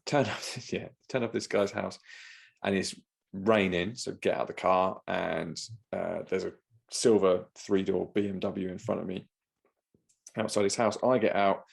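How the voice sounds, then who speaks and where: Gravelly-voiced man telling a story. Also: low-pitched, unhurried. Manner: lively anecdote teller, laughs often, acts out quoted voices. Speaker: podcast co-host. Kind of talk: casual podcast chat, animated storytelling.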